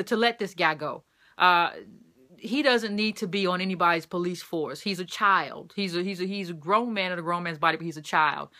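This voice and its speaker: A woman's voice: mid-range voice, sharp tone. A woman giving impassioned opinion commentary, repeating phrases for emphasis.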